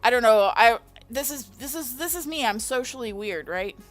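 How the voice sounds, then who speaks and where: A woman's voice: on the high side, animated, moderate pace, a bit bright. A woman designer venting on a livestream, emphatic, exasperated and full of swearing.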